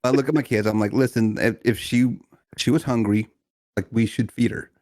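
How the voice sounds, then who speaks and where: A man co-hosting a podcast, telling a family story in casual chat with lots of laughter and animated retellings. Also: moderate pace, no room sound, clean studio sound. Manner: animated, mimics people in high voices, laughs often. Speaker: podcast co-host.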